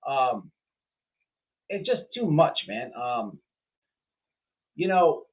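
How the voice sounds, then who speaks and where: Very slow yet very animated, a man with a mid-range voice runs a casual livestream, rambling and cursing bluntly as he responds to chat. He restarts often and uses lots of fillers, and the sound is tinny like a phone.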